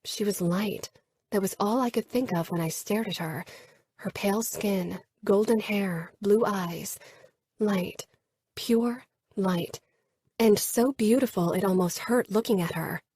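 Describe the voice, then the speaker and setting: Woman reader for first-person romance narration, breathy and close. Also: mid-range voice, moderate pace, darkish tone, dry recording. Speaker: audiobook narrator.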